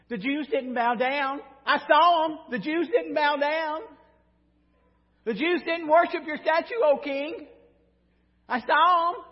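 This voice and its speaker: A man's voice: very high-pitched, slow, voice pushed up. A preacher putting on the voice of a whiny male informer who tattles sarcastically to a king. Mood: tattling. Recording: dull sound in a reverberant hall.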